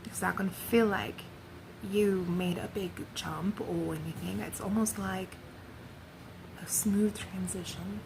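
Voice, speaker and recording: A woman giving a rambling spiritual monologue for her vlog. She speaks in a meandering, reflective way and often drops into soft whispers. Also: mid-range voice, fairly even intonation, unhurried, creaky, background noise. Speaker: vlogger sharing spiritual channeling.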